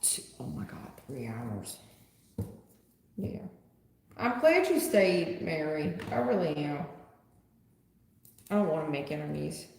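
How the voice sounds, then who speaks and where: A woman's voice: low-pitched, very animated, slow pace, creaky, pauses often, a little mellow. A woman tarot reader chatting bluntly with viewers on a live stream. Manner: blunt, chatty, talks straight to the chat. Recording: echoey room with long reverb.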